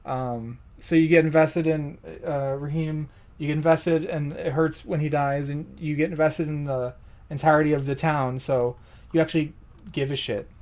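A man with a fairly high voice talks casually about a game. He hesitates often and gets there in halting, restarted phrases. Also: fairly even intonation, darkish tone. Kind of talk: casual chat.

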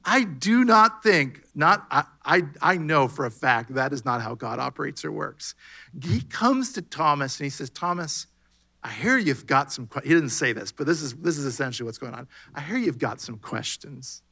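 A man's voice: medium pitch, lively intonation, normal speed, creaky, sharp tone. A man preaching a sermon in a conversational way, acting out bits of dialogue as he goes. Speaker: pastor.

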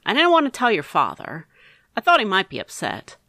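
A woman's voice: mid-range voice, huge pitch swings, fairly quick, bright, forceful tone, no room sound, studio quality, heavily acted. A woman doing a flamboyant, playful uncle. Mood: jovial. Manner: theatrical, flamboyant. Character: eccentric, playful middle-aged uncle.

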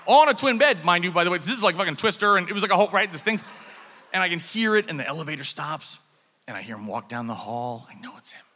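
A man with a bright, fairly high voice tells a comic story on stage, swinging his pitch all over as he acts out the scene. His voice rings with a long reverb from a large hall. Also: fast. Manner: animated, acts out shouted dialogue. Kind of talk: live comedic storytelling.

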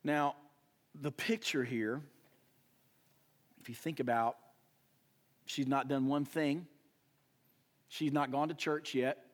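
A young adult male pastor preaching a sermon, swinging between loud emphatic rises and hushed, quiet drops. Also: medium pitch, fairly even intonation, slow, long pauses.

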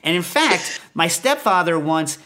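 A man's voice: on the high side, very animated, measured pace, sharp tone. A man hosting a podcast, telling a rambling comic story full of asides. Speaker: podcast host.

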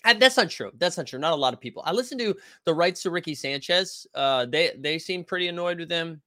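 A young adult man hosting a casual basketball live stream, talking loud and animated and answering the chat. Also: fairly high pitch, brisk, no room sound, studio quality. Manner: loud, animated, yells often; reads and answers chat comments.

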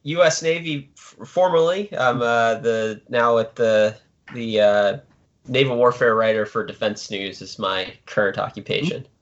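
A man's voice: medium pitch, measured pace. A middle-aged man speaks as a podcast guest in a mid-range voice, hesitant and thick with fillers. His audio is a little muffled, like an online call. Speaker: podcast guest, naval writer. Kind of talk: casual interview answers.

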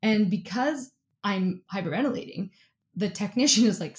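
Animated woman telling a story, laughing. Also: medium pitch, normal speed. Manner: animated, fills speech with "like", laughs often. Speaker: interview guest, athlete and keynote speaker. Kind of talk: casual storytelling in an interview.

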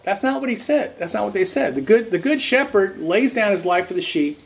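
A man preaching an earnest sermon, restarting phrases and slowing to stress key words. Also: high-pitched, expressive, vocal fry. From raised Roman Catholic.

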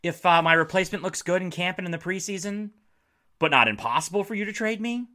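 A man's voice: high voice, fast talker, bright, forceful tone. A man voicing a frustrated grown man fed up with his team, asking sarcastic, exasperated questions in a near-everyday voice.

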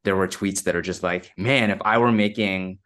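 A man's voice: sits low, fairly even intonation, moderate pace, fairly bright tone. A man talking in a casual podcast chat, thoughtful and explaining at length.

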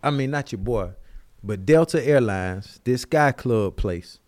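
A man's voice: medium pitch, unhurried. A man in his forties, a podcast co-host, telling a story in casual chat and acting out what other people said. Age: 40s. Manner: animated, acts out others' lines in his stories.

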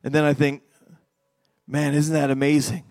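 A middle-aged man preaching a sermon as a pastor, swinging between loud fervent passages and quiet hushed ones. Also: on the high side, monotone, normal speed, no echo, soft background music.

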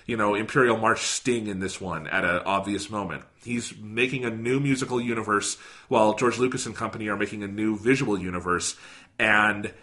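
A man's voice: lowish voice, fairly even intonation, fairly quick, bright, forceful tone. A man co-hosting a podcast, talking about films in an enthusiastic, emphatic way and swearing casually. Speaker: podcast co-host. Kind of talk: casual film discussion.

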